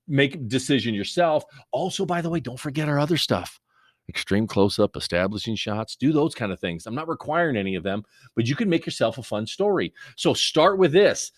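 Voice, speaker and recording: A man's voice: medium pitch, animated, brisk, no room sound. Male teacher, recorded lesson, rambling and jokey, dry close sound. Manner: rambling, joking, conversational.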